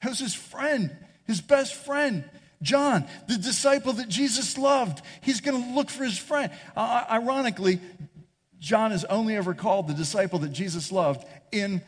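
High-voiced preaching man in reverberant hall. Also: normal speed. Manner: animated preaching, shifting pace and pitch for emphasis. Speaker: pastor. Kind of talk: sermon.

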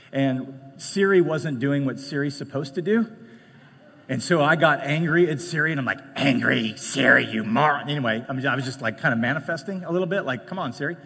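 Husky-voiced male pastor preaching in a hall. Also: on the high side. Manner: conversational preaching with swings from loud to hushed and joking asides. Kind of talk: sermon. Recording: long reverb of a large hall.

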